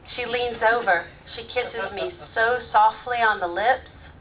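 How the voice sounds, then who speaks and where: An actress performing a live stage monologue as a grown woman candidly recalling her first love, sometimes soft, sometimes loud. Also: a little high, slow pace, a crowd in the background. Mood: frank recalling. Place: theater stage, live audience. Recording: distant stage mic, faint room noise.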